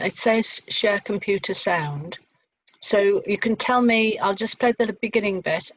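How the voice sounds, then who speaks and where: A woman's voice: mid-range voice, no echo. A woman, leading a choir rehearsal over a video call and explaining things step by step with plenty of fillers. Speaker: choir leader. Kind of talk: online choir rehearsal teaching. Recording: dull lo-fi video call audio.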